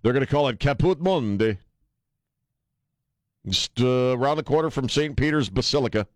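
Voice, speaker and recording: A man's voice: mid-range voice, expressive, moderate pace, dry recording. A man hosting a talk radio show, joking bluntly and rambling with fillers as he riffs on the news. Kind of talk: casual talk radio banter. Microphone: studio microphone. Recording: dry studio sound.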